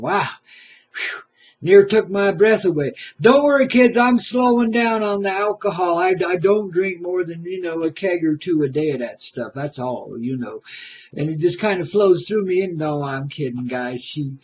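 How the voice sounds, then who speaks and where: An older man hosts a comic radio show in a loose, jive style, calling everyone baby. His voice sits high for a man and he sounds a little out of breath. The recording is dull and lo-fi. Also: a little hiss or hum. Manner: hip, jokey, calls listeners baby.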